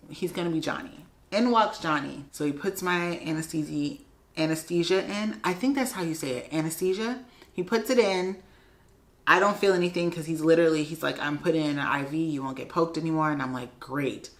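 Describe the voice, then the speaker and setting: A young adult woman vlogger with a low-pitched voice tells a personal story casually and with lots of animation. She acts out the voices of the people involved.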